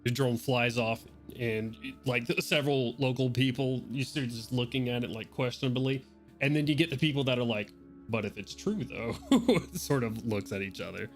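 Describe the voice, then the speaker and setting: A man's voice: medium pitch, moderate pace, faint music behind. A man running a tabletop roleplaying game as dungeon master, narrating in a casual, rambling way with swearing.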